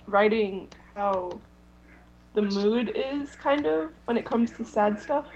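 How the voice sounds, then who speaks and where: A woman's voice: on the high side, slow pace, darkish tone, highs cut off. A woman in a casual group chat who laughs easily and asks confused questions.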